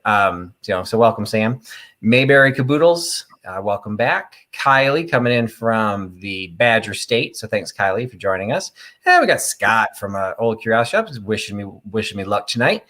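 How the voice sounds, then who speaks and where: A middle-aged man from Illinois hosts a live online vintage sale, rambling along and greeting viewers by name in casual live-stream chat. His voice is on the low side and a bit bright.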